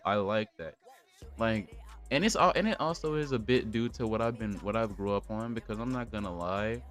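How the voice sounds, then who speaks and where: A man's voice: mid-range voice, fairly bright tone. A young man hosting a casual livestream podcast, rambling in a blunt, profane rant. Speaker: podcast host.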